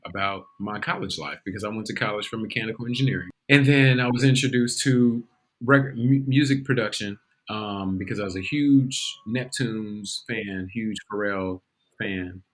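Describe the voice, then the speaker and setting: A man guesting on a podcast as an actor, telling stories in a laid-back, joking way. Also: on the low side. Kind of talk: casual interview chat.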